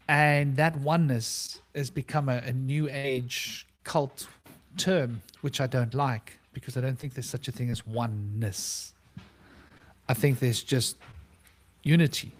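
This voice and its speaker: A man hosting a relaxed online panel over a video call. He muses at length on abstract ideas, circling back and repeating his phrases as he thinks aloud. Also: medium pitch. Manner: rambling, musing, repeats phrases. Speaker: round table host. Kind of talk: casual philosophical monologue.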